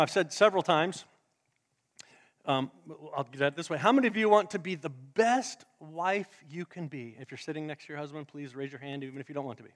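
A male pastor preaching a sermon to a live congregation, dramatic, swinging between loud emphasis and hushed asides. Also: fairly high pitch. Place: church sanctuary with a live congregation. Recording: long church hall reverb.

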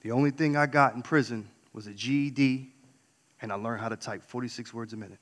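A man's voice: medium pitch, a little fast. Candid man telling his story in a hall. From New York. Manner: candid, dramatic swings between loud and hushed. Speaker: speaker. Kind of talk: personal storytelling talk. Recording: long hall reverb.

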